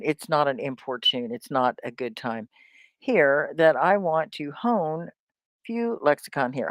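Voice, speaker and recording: A woman's voice: low-pitched, no room sound, studio quality. A woman teaching an English class on a live stream, stretching out sounds to model them and making chatty asides to the chat. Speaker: ESL teacher.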